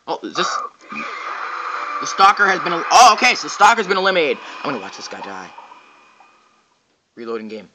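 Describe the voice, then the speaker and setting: A man giving goofy, excitable, rambling commentary while playing a game and joking to himself. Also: fairly high pitch, a little fast, pauses often, noisy background. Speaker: game reviewer. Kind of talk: casual gameplay commentary.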